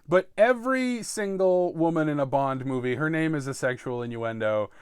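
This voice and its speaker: A man hosting a comedy podcast, riffing through an improvised monologue with frequent ums, jumping between loud asides and low mutters. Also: animated, moderate pace, clean tone, no room sound, studio quality. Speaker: podcast host.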